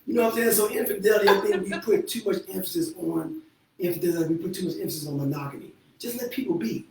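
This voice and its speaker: Host-therapist, male, blunt and profane, high voice, distant mic in an echoey room. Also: fast, creaky. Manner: blunt, profane, laughing often. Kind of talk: candid casual talk. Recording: echoey room from far off with faint noise.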